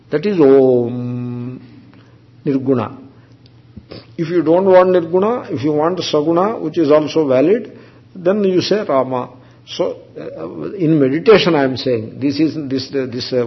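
A man in a mid-pitched voice gives a slow, halting spiritual discourse, often pausing and restarting his sentences. He drops Sanskrit terms into his teaching in a measured chant. The recording is dull and lo-fi. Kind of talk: Vedanta discourse.

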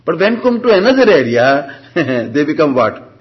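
A man, teaching Vedanta and Sanskrit in a classroom lecture. He keeps quizzing the class with rhetorical questions and answers them himself, and he reads out Sanskrit terms slowly. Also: fairly high pitch, very animated. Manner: slow, deliberate reading of Sanskrit terms. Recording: dull lo-fi lecture recording.

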